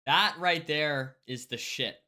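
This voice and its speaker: A woman livestreamer chatting casually with her viewers, reading their comments aloud and swinging between hyped outbursts and quiet mumbling. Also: sits low, slow pace. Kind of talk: casual live-stream chat with viewers.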